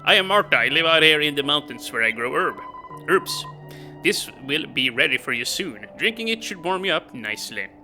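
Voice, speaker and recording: A welcoming old granny spoken in a hammy mock-Russian accent, as a man puts her on. Her voice is raised and bright, and the reading stays playful. It plays over faint game music. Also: a little high, sing-song, normal speed, exaggerated voice, poor audio. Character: old grandmother hermit, welcoming.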